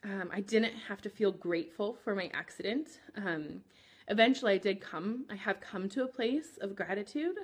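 A woman therapist in her thirties hosting a podcast, speaking gently and candidly about her own experience, with frequent pauses and "um" fillers. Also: medium pitch, breathy edge. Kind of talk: reflective personal talk.

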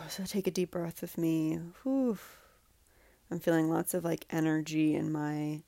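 Earnest woman podcaster, gravelly low voice. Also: steady tone, measured pace, dry recording. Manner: earnest, heartfelt, says "like" often; drops to soft, breathy guidance during a breathing exercise. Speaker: podcast host, coach. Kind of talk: emotional solo podcast talk.

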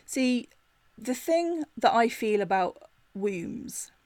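A middle-aged woman, hosting a personal storytelling podcast in a chatty, animated way, full of "like" fillers. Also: mid-range voice, no room sound. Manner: animated retelling with laughs. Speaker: podcast host.

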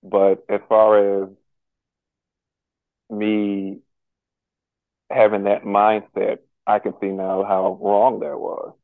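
Halting man on a tinny line. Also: lowish voice, completely flat delivery, no echo. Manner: halting and earnest, many pauses and restarts. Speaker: podcast guest. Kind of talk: candid personal conversation. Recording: tinny phone-like line, dry.

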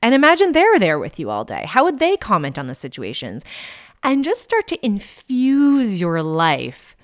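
Lively-voiced woman podcast coach. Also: mid-range voice, moderate pace. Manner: chatty, candid, with lots of fillers and casual swearing. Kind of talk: casual podcast monologue.

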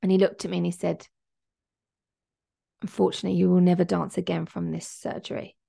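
A woman's voice: fairly low pitch, flat delivery, a little fast, gravelly, dark tone. A young woman hosting a podcast, telling her personal story in a candid, emotional way and acting out the quotes. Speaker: podcast host.

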